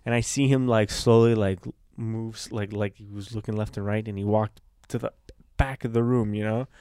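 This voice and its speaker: A man's voice: on the low side, fairly even intonation, normal speed, darkish tone, clean tone, no room sound, studio quality. A man co-hosting a podcast, casually telling a rambling story and laughing easily. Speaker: podcast co-host. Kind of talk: casual comedic chat.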